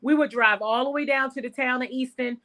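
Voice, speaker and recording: Bright, lively woman telling salon stories. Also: sits high, a little fast. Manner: animated storyteller, calls the host girl. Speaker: salon owner and guest. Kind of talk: casual interview chat.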